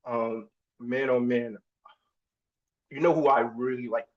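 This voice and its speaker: A man's voice: medium pitch, fairly even intonation, slow pace. A young man from New Jersey, a college football player, talking in an easygoing, enthusiastic, informal way as an interview guest. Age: young adult. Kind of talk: casual interview. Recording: dull lo-fi sound.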